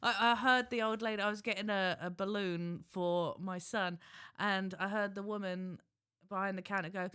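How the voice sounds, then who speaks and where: A man's voice: high-pitched, steady tone, moderate pace, bright, forceful tone, clean tone, no room sound, studio quality. A man co-hosting a podcast, chatting casually in a rambling, self-mocking way with restarts. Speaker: podcast co-host. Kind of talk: casual chat.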